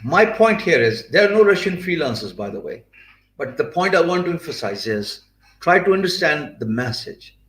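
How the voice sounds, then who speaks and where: A man's voice: fairly high pitch, sing-song, moderate pace, fairly bright tone, reverberant. A man from Pakistan with a Pakistani English accent, giving an earnest motivational talk about freelancing, with many fillers and restarts.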